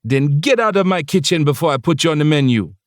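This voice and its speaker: A bossy Jamaican woman chef with a lilting, calming yet grumpy way of talking, as a male audiobook narrator puts her on. Her voice sits high and a little distant, slowed and drawn out in a dry recording. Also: dry recording.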